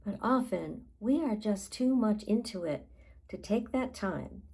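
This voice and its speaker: Slow, gravelly-voiced woman life coach. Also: medium pitch, rough recording. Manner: calm, unhurried guiding with pauses. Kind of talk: guided tapping session.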